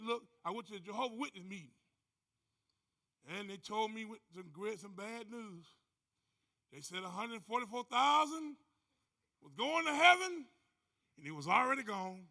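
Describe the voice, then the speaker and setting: A man giving an animated motivational testimony on a conference stage. He tells his story as a storyteller, acting out other people's voices and whooping. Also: very high voice, normal speed, gravelly, pauses often. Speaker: conference speaker. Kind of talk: motivational testimony to a live audience.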